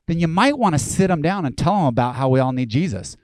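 A male pastor delivering a lively, conversational sermon, acting out the voices of people he quotes. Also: fairly high pitch, fairly quick, hardly any pauses, no room sound.

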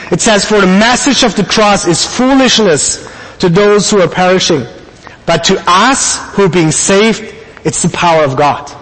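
High-voiced man preaching in a reverberant hall. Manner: storytelling, animated quoted asides. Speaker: pastor. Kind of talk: sermon.

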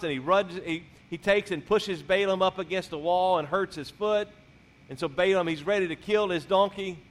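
A pastor delivering a sermon in a high-pitched male voice. He retells the scripture story in a loose, conversational way, as if chatting with the congregation. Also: fairly bright tone.

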